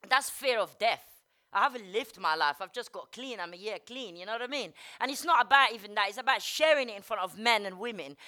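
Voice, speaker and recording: A woman giving a blunt, candid personal recovery testimony, swearing freely and dropping many "you know"s. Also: mid-range voice. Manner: fast and energetic, rising and falling in loudness. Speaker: speaker sharing at a recovery meeting.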